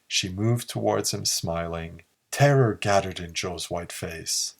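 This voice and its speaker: A man narrating a pulp story in a slow, measured reading. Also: deep voice, creaky, breathy edge. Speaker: audiobook narrator.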